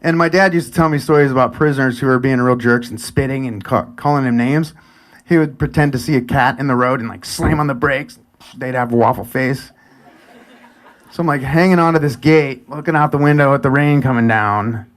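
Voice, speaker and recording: A man in his forties telling a personal story live, chatty and animated, sometimes dropping to a near whisper. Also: mid-range voice, fairly quick. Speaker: storyteller and event host.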